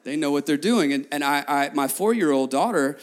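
A man in his thirties, a pastor preaching a sermon to his congregation, telling stories lively, repeating phrases and talking straight to the crowd. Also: fairly high pitch, a little fast. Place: church before a congregation.

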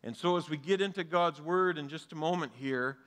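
A man's voice: fairly high pitch, a little fast, fairly bright tone. A man, preaching a sermon as pastor to a live and online congregation, earnest and conversational with touches of humor. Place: church sanctuary, live and streamed. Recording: long hall reverb.

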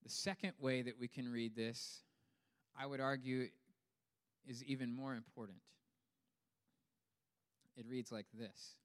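A male pastor delivering a lively sermon with humor, building up for emphasis and then dropping low and quiet. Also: unhurried, long pauses. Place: church hall. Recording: long hall reverb.

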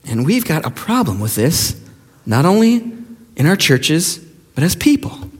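Animated pastor in a reverberant hall. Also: male voice, on the high side, a little slow, slightly rough. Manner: emphatic, mocking quoted voices. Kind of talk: sermon.

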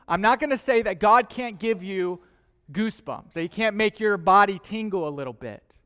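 A man's voice: sits high, a bit bright. A young man preaching a sermon in a casual, conversational way, full of rhetorical questions and playful asides. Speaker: pastor. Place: church auditorium. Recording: long hall reverb.

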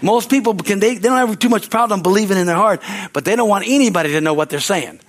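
Guy with a high voice preaching, rambly, keeps asking amen. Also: fast. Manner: rambling, repeats words, calls out amen. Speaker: pastor. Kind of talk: sermon.

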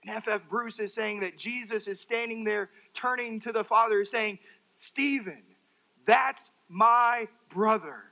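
A man preaching a sermon, dramatic, swinging from loud outbursts to hushed, quiet phrases. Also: sits high, little pitch movement, normal speed, creaky, hardly any pauses, muffled recording.

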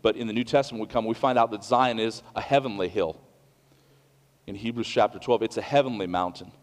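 A middle-aged man giving a sermon in an earnest, conversational way, often pausing to restart a sentence or to add an aside. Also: fairly low pitch, fairly even intonation, long reverb tail. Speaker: pastor.

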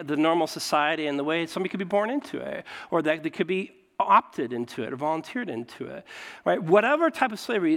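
A man preaching a sermon as pastor, animated and conversational, often checking in with "right?". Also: fairly high pitch, creaky, big-room sound.

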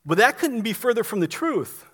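A pastor with a notably high voice preaches in earnest. He leans into his points and often trips into quick restarts, doubling words as he pushes ahead. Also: sing-song, fairly bright tone. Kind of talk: sermon.

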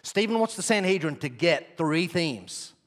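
A man, preaching an animated sermon and speaking directly to his congregation. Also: on the high side, unhurried. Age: 40s. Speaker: pastor.

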